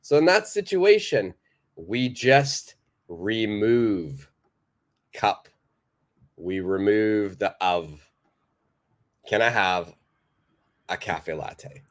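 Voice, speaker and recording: Lively man teaching English live. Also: fairly low pitch, very slow, pauses often. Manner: lively, emphatic explaining, reads viewer comments aloud. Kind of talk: live online English lesson.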